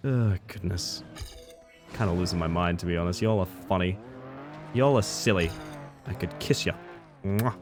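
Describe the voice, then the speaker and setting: Over background music, a man speaks in a low-pitched voice at normal speed, leaving long pauses. It's casual live-stream chatter as he plays a racing game, playfully riffing on what his viewers write.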